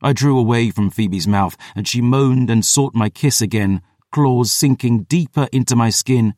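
A man giving a dramatic audiobook narration, measured and intense, with slow emphatic beats. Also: medium pitch, a little mellow, dry recording, clean studio sound.

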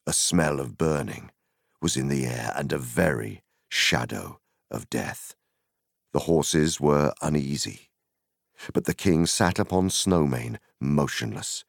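A man reading an audiobook aloud in a slow, dramatic storytelling manner, with a gravelly voice. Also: extremely low pitch, dry recording, studio quality. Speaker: narrator. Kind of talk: audiobook narration.

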